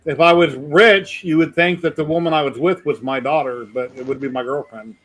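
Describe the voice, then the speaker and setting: Podcast co-host guy, joking around, kinda high voice. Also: steady tone, fairly quick, a bit bright. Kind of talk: casual chat.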